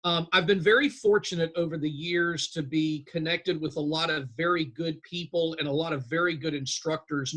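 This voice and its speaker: A man in his fifties with a bright, forceful voice pitched a little high. He chats and tells stories as a guest in an interview, animated and talkative. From North Carolina, US. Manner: lively storyteller, animated and chatty. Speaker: guest, real estate instructor. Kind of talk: casual interview storytelling.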